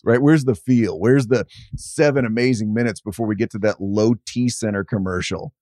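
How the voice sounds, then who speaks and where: A man's voice: fairly low pitch, dark tone, no room sound, studio quality. A man guesting on a podcast as a media writer, talking in a thoughtful, wry way, building his points in short phrases. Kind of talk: casual podcast conversation.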